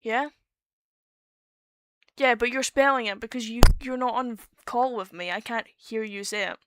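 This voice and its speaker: Woman, Scottish accent, casual call chat, explains with restarts and fillers, somewhat high voice. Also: fairly even intonation, moderate pace, heavy background noise. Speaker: streamer.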